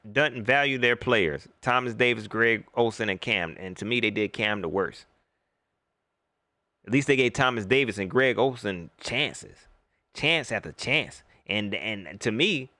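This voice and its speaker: A man's voice: mid-range voice, lively intonation, a little slow, bright, forceful tone, no room sound. A middle-aged man hosting a livestream, ranting animatedly about sports and greeting viewers in the chat by name. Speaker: host. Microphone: laptop mic.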